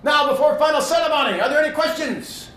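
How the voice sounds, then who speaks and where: A man putting on the voice of a stern male military commander from an old war film, barking orders loud and high. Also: expressive, fast, a little hiss or hum. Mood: commanding. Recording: roomy hall echo.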